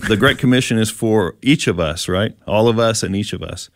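A man's voice: on the low side, fairly quick, no room sound, clean studio sound. A man leading a conversational Bible teaching, explaining step by step and asking his listener questions.

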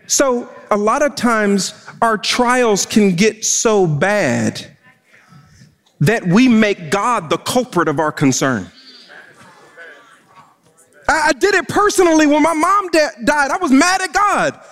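A male pastor preaching a sermon in an unusually high voice, driving his points home with emphatic, stumbling repeats. His words trail off in the long reverb of a large hall. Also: a bit bright.

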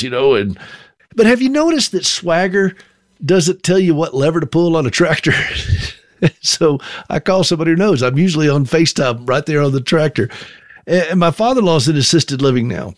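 A man's voice: fairly high pitch, animated, normal speed, dry recording, studio quality. A middle-aged man from South Carolina with a Southern accent, telling a folksy, self-deprecating story as a monologue.

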